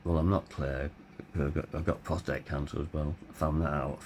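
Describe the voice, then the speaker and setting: A middle-aged man telling his own story in a blunt, candid way, swearing freely, his voice tired and hoarse. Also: rumbling low, steady tone, a little fast, darkish tone, a little hiss or hum. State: hoarse, voice tiring. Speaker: vlogger. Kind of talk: personal storytelling.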